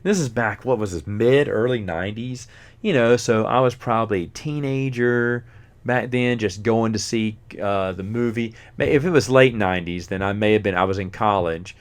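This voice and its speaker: A man's voice: fairly low pitch, normal speed. A man, casually reviewing movies as a host, rambling and often forgetting names.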